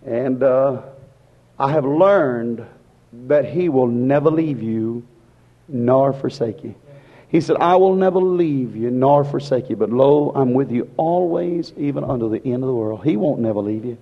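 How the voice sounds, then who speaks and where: A male preacher delivering an impassioned, repetitive sermon that swings between hushed and loud. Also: mid-range voice, expressive, unhurried. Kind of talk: fervent sermon. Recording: lo-fi recording in a reverberant hall.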